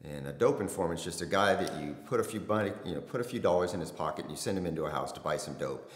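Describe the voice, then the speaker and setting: A middle-aged former detective recounts a case in blunt, conversational talk during a casual storytelling interview. His voice sits low and he talks fast, recorded in an echoey room with long reverb.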